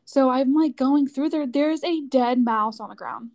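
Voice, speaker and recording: A woman's voice: high-pitched, a little slow, darkish tone. A woman chatting casually, telling a story with lots of "like" fillers. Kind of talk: casual chat.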